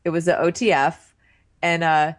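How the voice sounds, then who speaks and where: A woman's voice: low-pitched, flat delivery, moderate pace. A woman co-hosting a casual chat, amused and agreeable as she recaps scenes. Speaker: podcast co-host.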